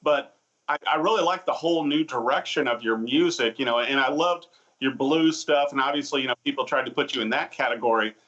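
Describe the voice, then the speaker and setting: A male host leads an interview with eager, encouraging chatter full of fillers. His voice has a bright, forward edge. The sound is slightly dull and muffled. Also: mid-range voice, brisk. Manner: enthusiastic, affirming, lots of fillers. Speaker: TV show host. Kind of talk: casual interview talk.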